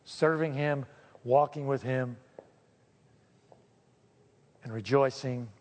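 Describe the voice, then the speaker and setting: A pastor preaching a sermon, joking one moment and pleading solemnly the next. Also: male voice, mid-range voice, steady tone, slow pace, in a large hall.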